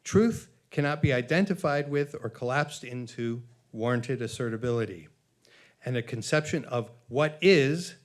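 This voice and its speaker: A man giving a conference lecture, reading from his paper in a measured, halting way with frequent fillers and self-corrections, and reading long quotations aloud. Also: medium pitch, animated. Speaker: conference speaker.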